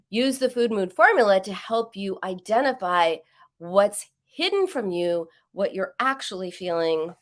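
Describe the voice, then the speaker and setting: A middle-aged woman hosting an advice radio show, talking emphatically and repeating words for stress. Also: mid-range voice. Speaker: radio show host, psychologist.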